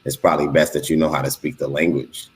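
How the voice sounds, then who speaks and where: A man's voice: very deep voice, flat delivery, quick pace. A man from Los Angeles on a podcast, asking questions hesitantly, with fillers and restarts. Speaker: podcast co-host. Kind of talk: casual discussion.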